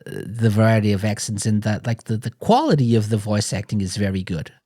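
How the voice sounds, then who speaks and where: A man with a mid-pitched voice, speaking English as a second language, hosts a podcast chat. He asks questions loosely, full of fillers, in a dry, close recording. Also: lively intonation, fairly quick, dark tone, dry recording. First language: not English. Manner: inquisitive, hedging with fillers. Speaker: podcast host. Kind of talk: casual chat.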